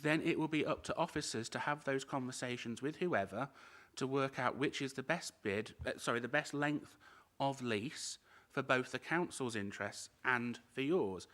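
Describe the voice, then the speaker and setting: Firm, emphatic council speaker. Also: male voice, mid-range voice, animated, normal speed, fairly bright tone. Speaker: council cabinet member. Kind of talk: formal council meeting speech.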